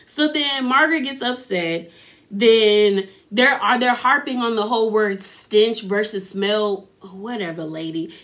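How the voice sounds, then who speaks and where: Woman, sassy casual recap host, animated, a bit high-pitched voice. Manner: animated, sassy, acts out quotes in her own voice.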